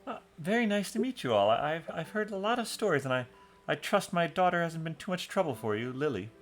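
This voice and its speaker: A man voicing a polite, gentle noble lady and mother in a tabletop game. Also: on the high side, big pitch swings, fairly quick, faint music behind, voice pushed up.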